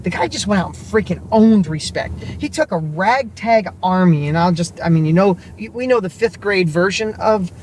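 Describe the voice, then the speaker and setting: A middle-aged man, a vlogger and business coach, telling a motivational story in an excited, rambling, emphatic way. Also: high-pitched, normal speed, few pauses.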